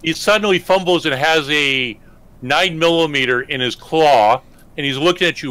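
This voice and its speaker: A man narrating his character's actions in a tabletop game, in an expressive way. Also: on the high side, normal speed. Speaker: player voicing a character.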